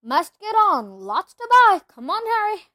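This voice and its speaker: A woman reading aloud, voicing a big, friendly giant of a man with rough, folksy speech. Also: high voice, expressive, measured pace, no room sound. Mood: hurried.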